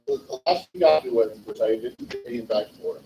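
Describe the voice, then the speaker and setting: Over music, a mid-range male voice at a moderate pace belongs to a forties-aged Californian eulogy speaker at a livestreamed memorial. He tells rambling personal anecdotes and often corrects himself, recorded on a distant mic with roomy echo and faint noise.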